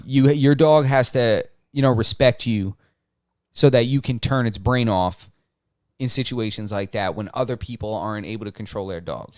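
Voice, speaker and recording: Male podcast co-host, mid-pitched, rambling opinions, dry close recording. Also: normal speed, darkish tone, no room sound. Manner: opinionated, loose, with many restarts. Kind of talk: casual chat.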